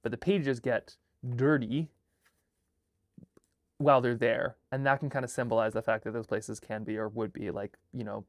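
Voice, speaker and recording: Guy rambling through story ideas, gets all excited, lots of um and like, mid pitch. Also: moderate pace, no echo, clean studio sound. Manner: excitable, rambling, full of fillers and restarts. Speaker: host and filmmaker. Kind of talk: casual live brainstorming chat.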